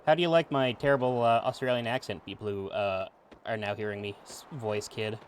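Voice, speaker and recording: A man's voice: fairly low pitch, fairly even intonation, a little fast, slight background noise. A man casually commentating as he streams a video game, chatty and joking, reading game text aloud. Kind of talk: casual let's play commentary. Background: game music.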